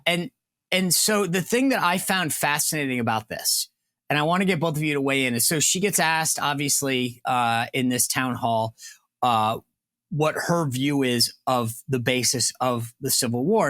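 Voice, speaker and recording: A man hosting a political talk show, speaking in an animated, digressive way, often restarting his phrasing and acting out imagined comebacks. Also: medium pitch, dry recording, clean studio sound. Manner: animated, acts out imagined retorts. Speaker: show host.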